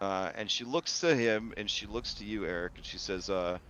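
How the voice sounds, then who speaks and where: A man narrates a tabletop game as game master in a casual, filler-heavy way. His voice sits fairly low, and the recording is slightly dull with faint hiss. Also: expressive, moderate pace, fairly bright tone.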